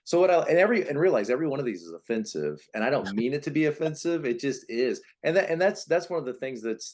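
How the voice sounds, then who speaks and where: A man being interviewed as a personality coach, explaining in a conversational way, often restarting and now and then acting out quoted voices. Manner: animated, acts out voices of types with big pitch jumps; many restarts and repeated words. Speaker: Enneagram coach, guest.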